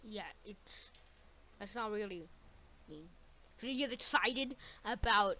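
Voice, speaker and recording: A woman's voice: medium pitch, sharp tone. A woman hosting a reaction video, chatting casually and firing off curious questions between clips. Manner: chatty and questioning, quick interjections.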